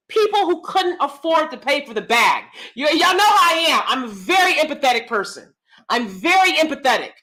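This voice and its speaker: Woman, high and lively, casual rant, crisp tone; acts out the dialogue, exasperated restarts. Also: normal speed. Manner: animated storytelling, acting out both sides of a dialogue; exasperated, repeats words and restarts. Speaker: speaker telling a personal story. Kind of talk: casual ranting monologue.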